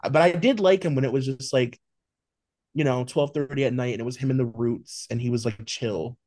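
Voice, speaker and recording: A man's voice: medium pitch, a little fast, a little mellow, no room sound, clean studio sound. Man ranting on a gossip podcast. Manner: emphatic, ranting, swears. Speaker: podcast co-host. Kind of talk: casual pop-culture chat.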